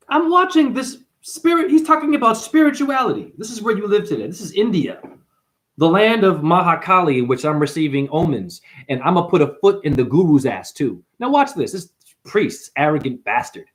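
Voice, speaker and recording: Animated, preachy man ranting. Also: high-pitched, normal speed. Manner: preachy, confrontational, calls listener honey. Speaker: spiritual teacher. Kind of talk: ranting monologue.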